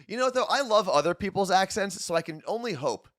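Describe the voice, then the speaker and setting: A man's voice: high voice, lively intonation, quick pace, a bit bright, no room sound, clean studio sound. A man with a New Jersey accent co-hosting a radio morning show, chatting casually and often restarting his sentences.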